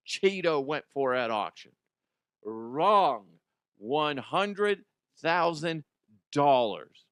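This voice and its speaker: A man's voice: fairly high pitch, lively intonation, very slow, fairly bright tone, clean tone, dry recording, clean studio sound. A man hosting a comedy news podcast, chatting casually in a rambling way, swearing freely and restarting his sentences. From Colorado, USA.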